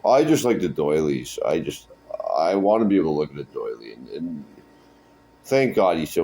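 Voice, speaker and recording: Low-voiced guy rambling through a silly improv bit, lots of stammers. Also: sing-song, moderate pace, dark tone, slight background noise. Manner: rambling, stammering, repeats words. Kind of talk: comic improvised monologue.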